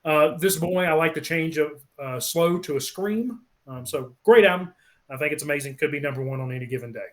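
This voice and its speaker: A man talks his way through an album song by song, stopping often with ums and uhs. He sounds relaxed and chatty, like a regular co-host of a casual podcast. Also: fairly high pitch, a little fast. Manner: rambling, many ums, lists songs one by one. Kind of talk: casual album review chat.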